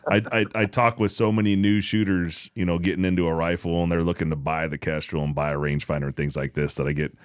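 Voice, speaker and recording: A podcast co-host with a very deep voice rattles along quickly, joking and cursing casually. The sound is dry and close. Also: male voice, steady tone, dry recording. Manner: fast, swearing freely and joking.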